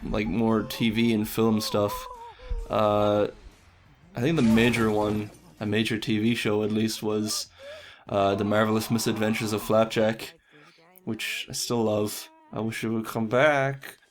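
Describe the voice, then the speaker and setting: A man's voice: fairly low pitch, level tone, measured pace. A young man, an animator, talking casually in an interview, rambling and self-deprecating, with casual swearing.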